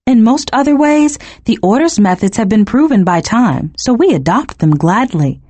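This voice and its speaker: A woman reads a first-person audiobook with a husky, slightly breathy voice. Her pitch is on the low side but moves very expressively as she tells the story and gives the characters their voices. The sound is dry and close. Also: sing-song, moderate pace, dark tone, dry recording. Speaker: audiobook narrator.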